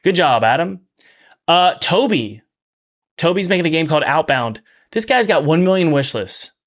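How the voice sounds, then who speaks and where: A man hosting a casual commentary video about game development. He talks in an energetic, chatty way, with restarts and quick asides, and repeats key phrases for emphasis. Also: a little high.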